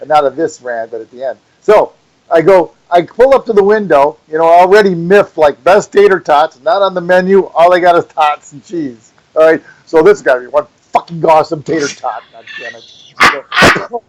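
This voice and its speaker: Middle-aged Wisconsin man, high-pitched co-host, animated rambling storyteller. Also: moderate pace, low-quality recording. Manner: rambling, animated, acts out voices in his story. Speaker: podcast co-host. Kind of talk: casual ranting chat.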